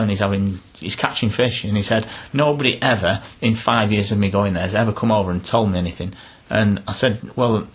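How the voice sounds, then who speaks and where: A man's voice: fairly low pitch, fairly bright tone, slightly rough. A middle-aged man talking casually in an interview, telling down-to-earth stories with frequent restarts. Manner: chatty, down-to-earth, rambling with restarts. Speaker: interviewee, angler.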